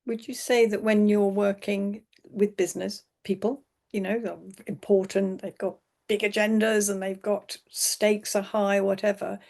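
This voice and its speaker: A woman's voice: mid-range voice, flat delivery, unhurried, a little mellow. A woman hosting a conversational interview, asking long, rambling questions and correcting herself as she goes.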